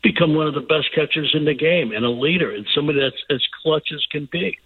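An older man, a guest on a sports radio show, speaking haltingly and repeating his words as he chats. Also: on the high side, slightly rough. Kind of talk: sports radio call-in chat. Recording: tinny phone line.

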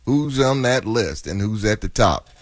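A man's voice: lowish voice, animated, measured pace. A man co-hosting a sports talk radio show, teasing his partner and arguing points with animation.

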